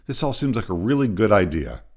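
Brief: low-voiced man telling a story on his podcast, expressive, plays all the parts. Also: fairly quick. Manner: animated storyteller, acts out voices. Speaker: podcast host.

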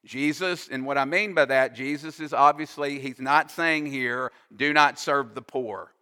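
A man preaching a sermon as a pastor, slow and emphatic, pausing to explain with asides. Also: mid-range voice, steady tone, bright, forceful tone. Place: church sanctuary. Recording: long reverb of a hall.

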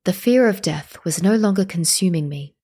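A woman reading a first-person story aloud as narrator, at a steady, measured pace. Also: fairly low pitch, slightly rough.

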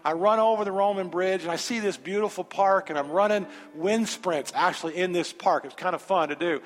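A man preaching a sermon in a large church sanctuary, telling a personal story with animated energy and then moving into an emphatic altar call. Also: high voice, a little fast. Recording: reverberant sanctuary with faint music.

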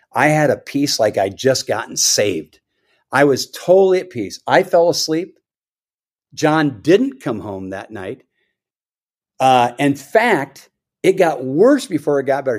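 A man's voice: mid-range voice, a little mellow. Middle-aged guy on a podcast, earnest and emphatic, keeps repeating himself to drive it home, church elder type. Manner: earnest, emphatic storytelling with repetitions. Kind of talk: podcast conversation, personal story.

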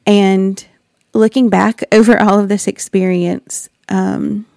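A woman's voice: mid-range voice, little pitch movement, takes it slowly, gravelly, dry recording, clean studio sound. A woman sharing an earnest, reflective personal faith story as a wife and mother. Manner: earnest, reflective, with soft laughs.

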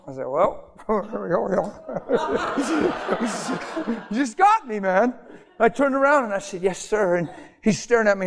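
High-voiced impassioned male preacher. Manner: impassioned, swings from loud animated storytelling to hushed intimate tones. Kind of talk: sermon with storytelling.

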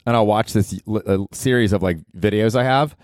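A man in his thirties with a fairly low voice hosts a casual solo podcast. He rambles through profane stories and laughs along. The sound is dry and close, with no room sound. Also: brisk, darkish tone, no room sound. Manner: rambling, profane storytelling with chuckles. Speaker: podcast host.

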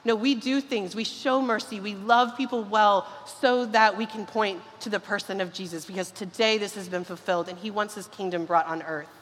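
A woman pastor preaching a sermon and leading a prayer, earnest and fervent. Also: mid-range voice. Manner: earnest, fervent, with quick bursts. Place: large church hall. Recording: long reverb of a church hall.

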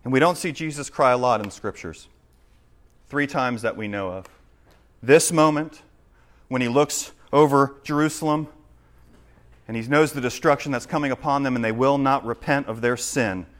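A man preaching a sermon, swinging between loud, urgent questions and hushed explanation. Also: mid-range voice, normal speed. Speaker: pastor.

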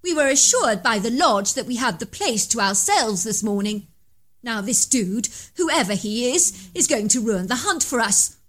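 A woman's voice: a little high, animated, normal speed, fairly bright tone. A woman voicing an irritable, hot-tempered male hunter in a read-aloud story. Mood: annoyed. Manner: snappish, irritable.

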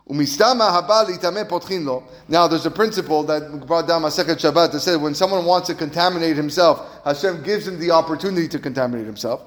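A man with a high voice teaches a religious text phrase by phrase. He reads in Hebrew, then gives a casual English explanation, often pausing to say "okay." Long reverb trails behind his words. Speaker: Torah teacher.

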